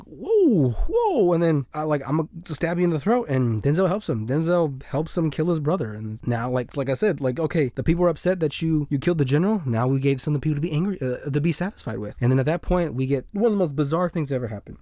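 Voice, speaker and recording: A young man casually recapping a movie, rambling and animated, acting out the characters' lines in passing. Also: on the high side, dry recording, studio quality.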